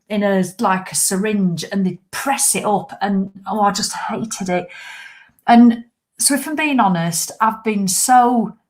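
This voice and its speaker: A woman in her fifties chatting live to viewers, rambling, self-mocking and swearing for comic effect. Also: mid-range voice. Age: 50s. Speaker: livestream host. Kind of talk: casual live chat to viewers.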